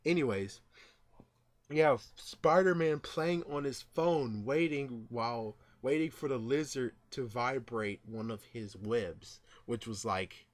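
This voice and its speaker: A man vlogging his casual, rambling thoughts on a movie, full of fillers and asides, who gets louder when retelling scenes. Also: mid-range voice, takes it slowly. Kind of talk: casual movie reaction vlog.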